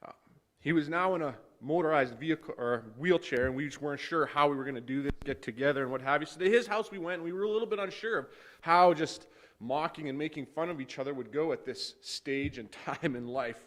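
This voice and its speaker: A man speaking as pastor at a memorial service, telling stories of a friend with light laughter, then leading a hushed prayer. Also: on the high side, brisk. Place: funeral service hall.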